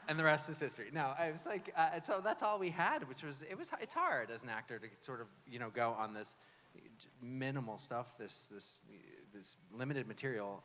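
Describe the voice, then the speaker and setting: A man's voice: medium pitch, sharp tone. A man, an actor on a convention panel, telling a rambling casual anecdote full of "you know" and "um". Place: large convention hall panel. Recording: echoey convention hall, faint noise.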